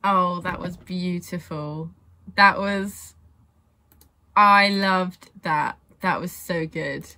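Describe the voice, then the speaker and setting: A young woman giving casual reaction commentary on a music video, gushing and excitable and swearing freely. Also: fairly low pitch, very slow, slight background noise.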